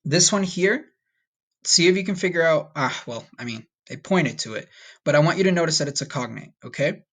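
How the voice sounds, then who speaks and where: A man's voice: a little high, lively intonation, fairly bright tone. Upbeat man teaching Spanish words. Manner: patient, slow repetition drills with upbeat asides. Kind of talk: recorded online vocabulary lesson.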